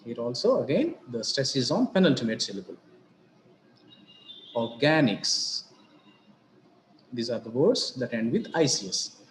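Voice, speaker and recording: A man giving a grammar lesson on word stress, speaking slowly and deliberately and repeating example words. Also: medium pitch, echoey room, slight background noise. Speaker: English teacher.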